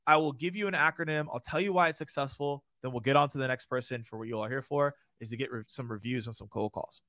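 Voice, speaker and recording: A man giving a live online sales lesson, energetic and casual, acting out friendly phone openers and checking in with "right?" often. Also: mid-range voice, fast talker, dry recording, studio quality. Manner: energetic, demonstrates phone lines with a friendly laugh; casual, frequent rhetorical "right?". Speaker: sales trainer.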